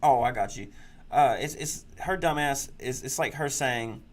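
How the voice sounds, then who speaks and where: A man's voice: mid-range voice, moderate pace. A man hosting a political talk show, ranting crudely and mocking people in sneering put-on voices. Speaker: podcast host.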